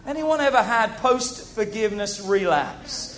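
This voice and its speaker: A man preaching a sermon to a congregation, animated, repeating key phrases and asking the audience questions. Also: high-pitched, moderate pace, slight background noise.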